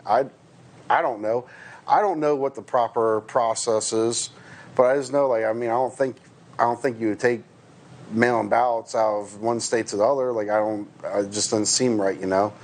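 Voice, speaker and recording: A man from the United States, a truck driver, recounts a personal story in a hesitant way. He keeps stopping to restart his sentences and fills the gaps with fillers, at a mid-range pitch. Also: fairly even intonation, moderate pace. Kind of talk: personal account to camera.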